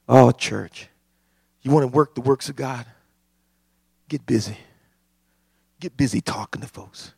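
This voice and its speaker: A man preaching a sermon, impassioned and building to shouts. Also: medium pitch, normal speed, creaky, pauses often, husky, dry recording, clean studio sound. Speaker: pastor.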